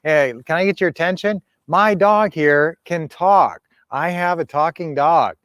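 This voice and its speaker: A man's voice: a little high, measured pace, a bit bright, smooth, no room sound, clean studio sound. A man telling a joke as a bar patron with a dog. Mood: insistent.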